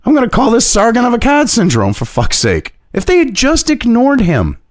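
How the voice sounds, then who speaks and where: A man's voice: very high voice, huge pitch swings, normal speed, no echo, clean studio sound. Heated, swearing male online ranter. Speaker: online commentator. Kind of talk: profane opinion rant.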